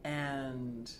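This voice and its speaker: A man's voice: medium pitch, echoey room, background noise. A man teaching about dreams, telling a personal story in a chatty way with many fillers and asides, and acting out the voices of the people he quotes. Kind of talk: storytelling lesson to camera.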